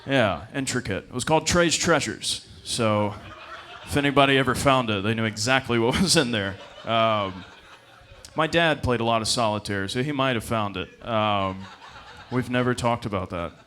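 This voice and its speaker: A man in his twenties performing a stand-up comedy set, telling stories with deadpan asides and jumping into high-pitched voices for the characters he quotes. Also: moderate pace, a little hiss or hum. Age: 20s. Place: comedy club stage.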